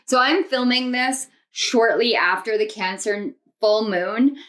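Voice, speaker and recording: A woman's voice: on the high side, slow pace, fairly bright tone. A young adult woman giving an intuitive tarot reading to camera, earnest and reflective, often repeating her phrases. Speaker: tarot reader.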